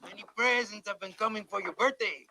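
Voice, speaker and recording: A high, eager-to-please bandit henchman. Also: steady tone, fairly quick, pushed and bright, slight background noise, exaggerated voice. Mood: placating. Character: fawning male henchman to a bandit chief. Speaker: film sidekick. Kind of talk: comedy film acting.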